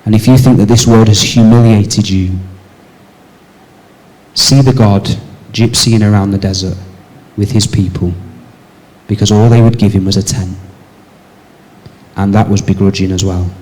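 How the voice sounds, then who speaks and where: A man preaching a church sermon, asking the congregation rhetorical questions and moving between raised emphatic lines and soft, low passages. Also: steady tone, measured pace, long pauses, rough recording. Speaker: pastor.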